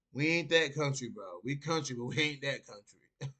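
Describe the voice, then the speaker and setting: A man's voice: medium pitch, expressive, normal speed, sharp tone. A young man from North Carolina with a Southern accent, hosting a casual live stream, reading chat comments aloud and laughing often.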